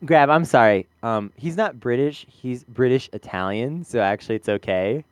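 A man's voice: mid-range voice, lively intonation, normal speed, no echo. A man co-hosting a casual review podcast, rambling, laughing often and swearing casually into a close mic. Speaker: podcast co-host.

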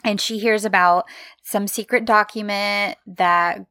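A woman co-hosting a casual podcast, retelling plot points in a relaxed, giggly way. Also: mid-range voice, unhurried, no echo. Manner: giggly, relaxed storytelling with asides. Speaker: podcast co-host. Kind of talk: casual recap chat.

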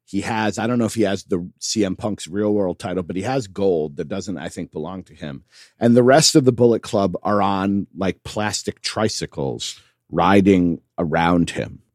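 A man co-hosting a casual podcast chat, animated and quick to laugh. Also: sits low, no echo, clean studio sound. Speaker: podcast co-host.

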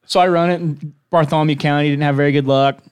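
A man's voice: fairly high pitch, steady tone, fast talker, smooth. A young man, a demolition derby driver, casually telling stories as a guest in a chat. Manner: matter-of-fact, swears casually.

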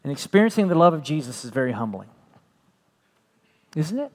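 A man's voice: on the high side, very animated, brisk, a little mellow. A man preaching a sermon as pastor, earnest, repeating phrases and building to emphatic peaks.

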